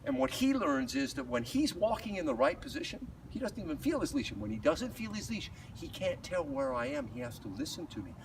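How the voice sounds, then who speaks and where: Lively outdoor dog trainer, man. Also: high voice, brisk, gravelly, hardly any pauses. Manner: explains while walking, breaks off to praise the dog in a light voice. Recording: distant mic, noisy outdoor.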